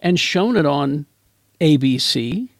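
A man's voice: fairly high pitch, animated, takes it slowly, vocal fry, a crowd in the background. A man hosting a casual pop-culture chat show, talking in a rambling, chatty way with plenty of fillers. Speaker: podcast host.

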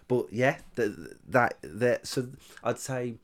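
A man from England, hosting a casual podcast chat in a relaxed, hesitant way with frequent "um"s. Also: medium pitch, takes it slowly. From England, Jamaican heritage.

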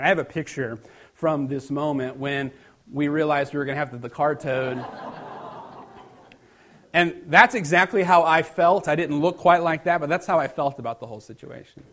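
Middle-aged male pastor, slightly high voice, relaxed storytelling sermon with quiet emphatic drops. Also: normal speed.

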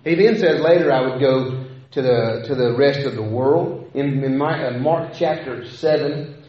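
A man's voice: mid-range voice, a little slow. A man preaching a sermon, talking conversationally with rhetorical questions and frequent restarts. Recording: echoey hall, dull lo-fi sound.

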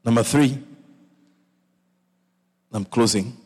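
A man preaching a sermon as a pastor. He talks in a playful, animated way and often repeats words and adds asides. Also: medium pitch, takes it slowly, slightly rough, in a large hall.

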